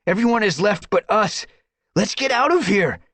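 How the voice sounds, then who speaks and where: A man's voice: on the high side, expressive, moderate pace, fairly bright tone, husky, dry recording, voice pushed up, full character voice. Man doing Brambleclaw, a firm young tomcat. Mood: urgent. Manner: urgent, firm commands. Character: young male warrior cat, steady and protective.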